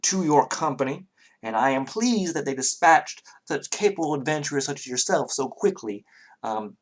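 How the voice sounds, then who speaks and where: Casting: man doing a friendly young Southern lord in a tabletop game, folksy, a touch raised and lively. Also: fairly high pitch, moderate pace, voice pushed up. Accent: Southern US, put on. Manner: folksy, hospitable, rambling. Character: young blond man, cheerful lord of a horse town.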